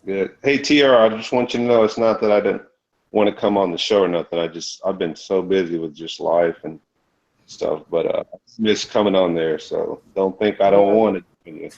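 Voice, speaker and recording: A man's voice: sits low, steady tone, moderate pace, creaky, a little mellow. A man joining an online live chat as a guest, talking in an easygoing way, correcting himself and laughing. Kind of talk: casual group chat. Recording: dull lo-fi call audio.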